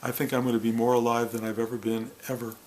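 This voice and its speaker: A man speaking as a spiritual teacher to a gathering, earnest and heartfelt, in short halting phrases. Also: mid-range voice, little pitch movement, darkish tone, slight background noise, poor audio. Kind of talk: reflective spiritual talk to a gathering.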